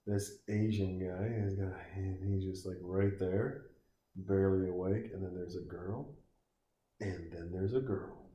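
A man's voice: low voice, fairly even intonation, a little slow, mellow, dull audio. A man giving crude, sarcastic comedic commentary while watching a film, swearing and mocking what he sees. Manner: profane, sarcastic, mocking asides to the screen. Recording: echoey room.

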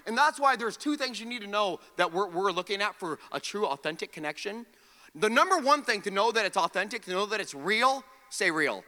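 Bright, animated preacher in a reverberant hall. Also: male voice, high voice, brisk. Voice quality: animated storytelling, acts out the characters' lines. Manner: calls on the audience to repeat words. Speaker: pastor. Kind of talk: sermon.

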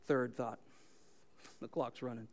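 A man preaching a sermon as pastor, emphatic, asking his listeners questions and answering them himself, his voice swinging from loud, high lines to low, quiet ones. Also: little pitch movement, takes it slowly.

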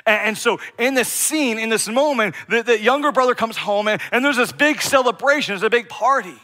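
With a very high-pitched, bright and forceful voice, this middle-aged pastor talks a little fast. He delivers his sermon in a conversational way, regularly checking in with the congregation through repeated "right?" asides.

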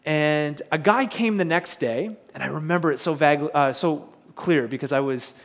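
Male pastor, sermon, animated storyteller, fairly high voice. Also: moderate pace. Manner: animated storyteller, asks the crowd questions.

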